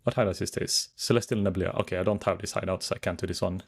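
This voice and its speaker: A man's voice: low-pitched, steady tone, racing, breathy edge. A man chatting casually to his viewers while streaming a game, rambling as he browses and reads chat.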